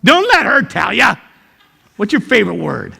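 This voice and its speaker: An older man speaks to an audience in a large hall, and his voice rings with long reverb. His voice sits a little high for a man. He tells jokey stories and jumps into sudden loud exclamations. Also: moderate pace, vocal fry, breathy edge. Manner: animated storytelling, joking, sudden loud outbursts. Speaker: character education teacher and speaker. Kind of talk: motivational talk to a live audience.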